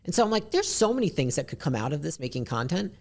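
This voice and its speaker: A woman with a deep, raspy voice, a podcast guest talking bluntly and candidly, swearing casually. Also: sing-song, darkish tone. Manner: blunt, swears casually, talks fast in bursts.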